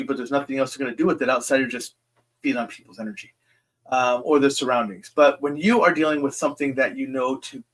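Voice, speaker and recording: A man with a rather high, slightly bright voice hosts a live question-and-answer stream. He rambles reassuringly, addresses each viewer directly, and fills his pauses with "um."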